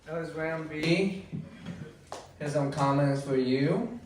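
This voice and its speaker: Male open mic host, slow and easygoing, slightly high voice, recorded from afar in an echoey club. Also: very noisy. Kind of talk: hosting, reading comments. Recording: echoey room from far off.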